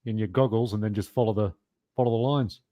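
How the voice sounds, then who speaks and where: Relaxed low-voiced man. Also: fast talker, no echo, studio quality. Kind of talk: casual chat.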